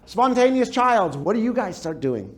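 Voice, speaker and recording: High-voiced, animated male workshop speaker. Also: normal speed. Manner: lively storytelling with sound effects and audience questions. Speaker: speaker and trainer.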